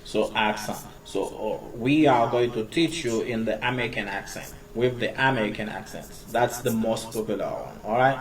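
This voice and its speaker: Guy teaching english numbers, keeps switching languages, mic's a bit far off. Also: lowish voice. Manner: switches between English, French and Creole while explaining; slow, repeated pronunciation drills. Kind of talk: casual video lesson.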